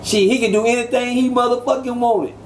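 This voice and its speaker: A man telling old street stories as an interview guest, animated and acting out quoted voices. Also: brisk, background noise. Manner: animated, acts out quoted voices with sudden pitch jumps. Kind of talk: casual storytelling.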